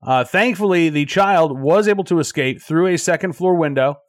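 Chatty news show host, dry sound. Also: male voice, a little high, moderate pace, dry recording. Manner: conversational, frequent fillers and restarts. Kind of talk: daily news commentary.

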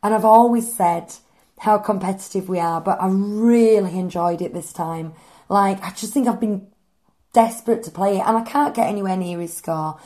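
A woman's voice: medium pitch, moderate pace, warm tone. A woman with a mid-range voice co-hosts a podcast. She talks casually and tells stories with chatty enthusiasm. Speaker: podcast co-host. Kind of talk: casual chat.

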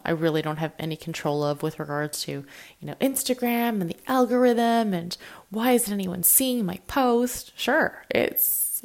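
A young self-employed woman talking candidly and emotionally about her work and feelings in a personal vlog, now and then acting out what others say in lively voices. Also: on the low side, smooth. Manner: emotional, confessional, quotes people in animated voices. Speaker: self-employed social media creator.

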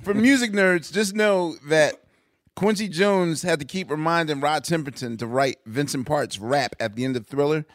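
A man chatting casually on a podcast, teasing his co-hosts with quick interjections. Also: a little high, no room sound. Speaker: podcast co-host. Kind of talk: casual chat.

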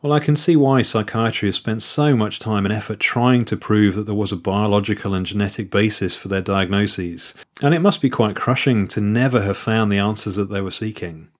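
A man hosting an interview, asking measured questions that sum up what the guest said. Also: on the low side. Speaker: host.

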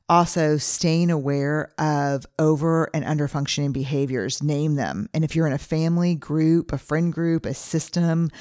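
A woman in her forties hosting a podcast, speaking in an earnest, conversational monologue and slowing down to stress her points. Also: low voice, a little mellow. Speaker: podcast host.

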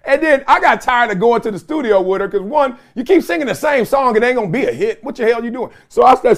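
Animated high-voiced man telling stories. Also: fast, hardly any pauses. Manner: animated storytelling with laughs and mimicked voices. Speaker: host. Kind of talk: comedic solo talk show monologue.

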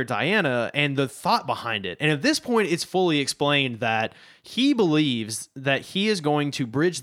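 A man talking casually about comic books with a friend, relaxed and full of fillers. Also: mid-range voice. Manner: relaxed, chatty, lots of "like" and "yeah". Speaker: podcast co-host. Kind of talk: casual comic-book discussion.

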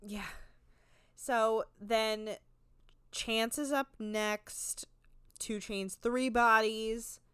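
Bright, crisp-voiced chatty woman. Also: fairly high pitch, fairly even intonation, drawn-out words, pauses often, dry recording, studio quality. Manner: chatty, frank and crude, lots of filler "like". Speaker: podcast co-host recapping a reality show. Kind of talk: casual chat.

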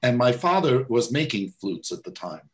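Man, Midwestern American accent, interview guest, reflective, wry, unhurried chat. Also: medium pitch. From United States. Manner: relaxed, wry, reflective storytelling. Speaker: guest conductor.

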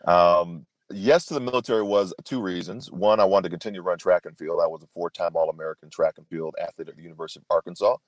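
Talking fast, with hardly any pauses and no echo, a low-voiced man in his fifties shares a personal story as a podcast guest. His interview answer is earnest and emphatic, and he keeps restarting sentences.

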